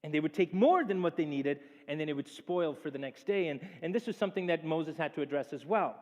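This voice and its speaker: A man preaching a sermon as a pastor, lively and acting out the voices in the stories he tells. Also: on the high side, brisk. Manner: animated preaching, acts out quoted speech. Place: church sanctuary. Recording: long church reverb.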